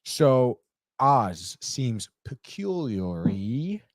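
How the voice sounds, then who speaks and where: Brief: casual male podcast host, mid-pitched, swears freely, dry close mic. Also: big pitch swings, very slow, dry recording. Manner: rambling, profane, says "dude" a lot. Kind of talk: casual TV episode recap.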